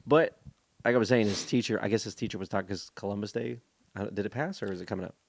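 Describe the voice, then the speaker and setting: Gravelly low-voiced comedian. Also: male voice, quick pace, no room sound. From Stockton, California, USA. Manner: profane, joking, laughs often. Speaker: comedian, podcast guest. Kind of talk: casual podcast chat.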